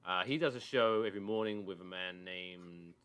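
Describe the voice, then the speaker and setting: A man with a fairly low voice co-hosts a football podcast, talking in a loose, rambling way. He retells arguments with a mocking edge, and his voice comes through a video call. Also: normal speed, a bit bright, smooth. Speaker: podcast co-host. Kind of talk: casual football chat.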